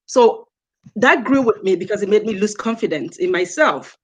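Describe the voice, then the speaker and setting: A woman from Nigeria, speaking as a guest on a live stream. She tells personal stories earnestly and stresses her points by repeating them, in a voice of middling pitch. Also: expressive, normal speed, breathy edge, poor audio.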